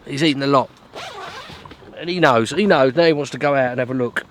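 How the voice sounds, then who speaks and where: A British fishing vlogger talks to camera at a windy, rainy lake, his medium-pitched voice brisk and a bit bright. It's a casual vlog, chatty and self-mocking, with grumbling asides as he fishes.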